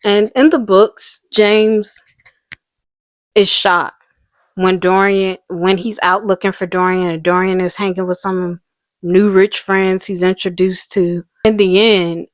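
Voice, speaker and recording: A woman reviewing books in a casual video essay, talking slowly and analytically with frequent "you know" fillers. Her voice sits at a middle pitch, and the recording is dry and close. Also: fairly even intonation, no echo. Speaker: book reviewer.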